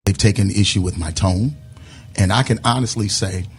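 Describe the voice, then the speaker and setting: A middle-aged man, a bishop, answering interview questions in a measured, conciliatory way. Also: lowish voice, breathy edge. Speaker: bishop and pastor.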